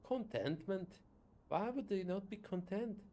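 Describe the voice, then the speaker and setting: A man's voice: high voice, animated, a little slow, dark tone, voice pushed up. A man voicing a pompous, greedy factory owner who looks down on his workers and speaks with haughty indignation.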